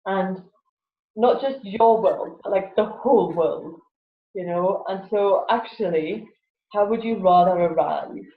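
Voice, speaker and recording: A woman's voice: mid-range voice, slow. A woman, a guest in a casual interview chat who laughs often and acts out voices animatedly. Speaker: guest, laughter yoga teacher. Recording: echoey, phone-like lo-fi audio.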